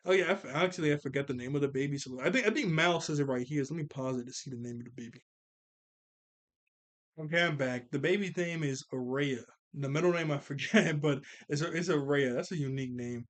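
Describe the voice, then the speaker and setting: Male cartoon reviewer, casual recap, chatty and quick to laugh. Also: on the high side. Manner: chatty, laughs often, quick character quotes.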